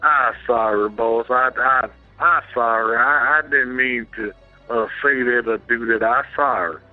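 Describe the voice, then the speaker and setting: A man's voice: mid-range voice, unhurried, phone-quality sound, faint music behind, pitched below the performer's own voice, natural voice. A man imitating an apologetic giant man who speaks broken English and stammers meekly. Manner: stammering, meek, repeats himself.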